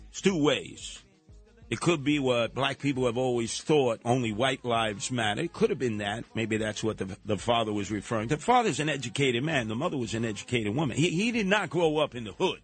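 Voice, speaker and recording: Husky, animated talk radio host. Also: male voice, mid-range voice. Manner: animated, mocking, mimics voices. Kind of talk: opinionated talk radio monologue.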